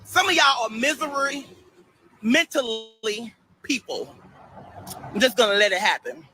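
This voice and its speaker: A man livestreaming a preachy monologue, loud and animated, sassy and dismissive toward his commenters. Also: extremely high pitch, measured pace, slight background noise, rough recording. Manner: loud and animated, bursts into shouts and laughter.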